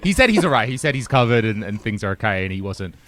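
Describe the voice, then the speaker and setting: A man's voice: lowish voice, sing-song, fast talker, a bit bright, a little hiss or hum. A man from Europe hosting a casual podcast, teasing his guest with dry humor. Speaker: podcast host.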